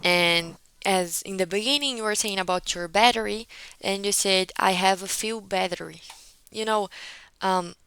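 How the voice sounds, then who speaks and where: Over a video call, a woman gives one-on-one feedback in an English conversation class, patiently correcting her student and often checking in with "okay?". Her mid-range voice is bright and forceful at a normal speed, and the recording is rough.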